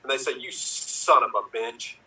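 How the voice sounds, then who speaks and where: A man rattling off pun jokes in an online improv game, quick setup and flat punchline. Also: medium pitch. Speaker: improv performer. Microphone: video call. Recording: roomy, distant, faint noise.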